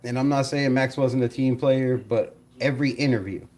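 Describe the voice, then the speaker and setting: A man hosting a casual live stream, animated, laughing often and talking to his chat. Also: medium pitch, normal speed.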